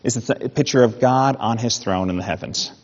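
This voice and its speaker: A man preaching a sermon in an animated way, with mock-indignant asides. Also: medium pitch, moderate pace. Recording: dull sound in a reverberant hall.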